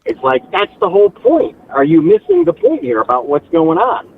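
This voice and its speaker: A man calling in to a talk show, telling a story with animated asides and mimicking relatives. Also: high voice, normal speed, gravelly. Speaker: caller. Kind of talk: casual phone-in chat. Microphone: phone. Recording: tinny phone line with faint hiss.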